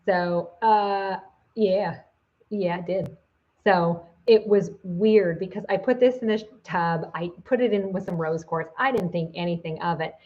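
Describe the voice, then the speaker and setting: A woman's voice: fairly low pitch, unhurried, lo-fi sound. A woman giving a casual video lesson as a psychic teacher, chatty, with many fillers and restarts.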